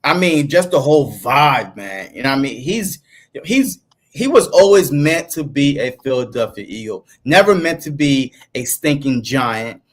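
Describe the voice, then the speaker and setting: A man's voice: mid-range voice, lively intonation, moderate pace. A man co-hosting a casual sports podcast, laid-back and peppering his talk with "man". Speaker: podcast co-host.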